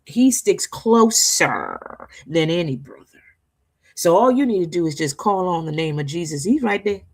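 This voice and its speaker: A woman with a slightly low voice delivers an inspirational faith talk to her listeners. She preaches in a loose, conversational way, repeating herself for emphasis and checking in with "right?" Her manner is warm-hearted encouragement rather than formal sermon. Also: animated, moderate pace. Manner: emphatic, repetitive, seeks agreement with "right?". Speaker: talk show co-host.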